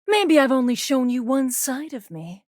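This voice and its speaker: A woman's voice: high-pitched, sing-song, moderate pace, a little mellow, dry recording, studio quality. An actress voicing a brash, flirty, self-centered female video game character who is teasing and sarcastic but turns insecure. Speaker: voice actor. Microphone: studio microphone.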